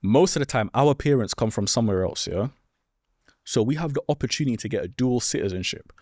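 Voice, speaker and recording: A man's voice: medium pitch, expressive, brisk, a little mellow, dry recording, studio quality. A man, hosting a solo advice podcast in a blunt, lecturing way and keeping on asking his listeners whether they understand. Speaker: podcast host.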